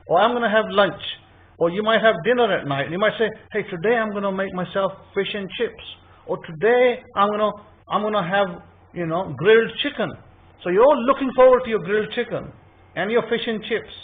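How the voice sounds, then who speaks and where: Man, high voice, informal scripture teaching, repetitive conversational delivery, tinny phone-like sound. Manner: conversational, repetitive, often acts out listeners' quoted thoughts.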